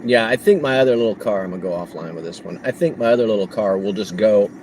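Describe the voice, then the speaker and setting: A man livestreaming on the road as a delivery driver, telling a story in a casual, animated way and laughing often. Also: fairly low pitch, fast talker, a little hiss or hum, rough recording.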